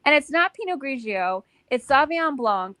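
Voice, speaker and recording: Woman getting defensive on a stream, indignant, swears, higher voice, dry close mic. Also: expressive, moderate pace, sharp tone, no room sound. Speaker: guest on the stream. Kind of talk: casual defensive chat.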